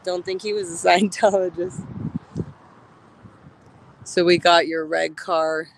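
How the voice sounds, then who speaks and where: A woman's voice: fairly low pitch, steady tone, slow pace, slight background noise, rough recording. A woman livestreaming from a street outdoors, talking emotionally and chattily to her viewers.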